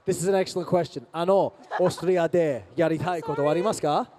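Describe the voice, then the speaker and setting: A high-voiced man fielding fan questions at a convention. He banters playfully and teases the crowd, mixing in Japanese phrases. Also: steady tone, fast talker. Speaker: band singer answering fan questions. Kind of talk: lively stage Q&A banter. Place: convention stage.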